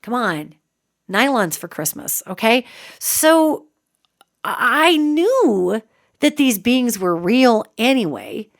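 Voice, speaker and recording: A middle-aged woman hosting a radio show, telling a family story in a lively, animated way with emphatic asides. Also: on the high side, takes it slowly. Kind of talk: storytelling monologue.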